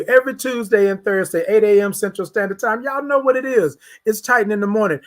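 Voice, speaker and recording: A man hosting a motivational morning show, talking in a repetitive, preacher-like, encouraging way. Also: sits high. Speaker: host.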